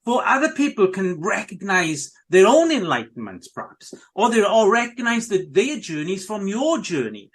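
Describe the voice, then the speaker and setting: Middle-aged male podcast host, high-pitched, enthusiastic, repeats himself a lot. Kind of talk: casual monologue to listeners.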